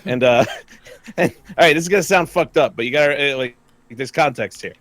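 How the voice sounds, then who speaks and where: This gamer and co-streamer has a fairly high, brisk voice. He chats casually mid-game, telling an animated story while laughing a lot and cursing freely, with no room sound in the audio.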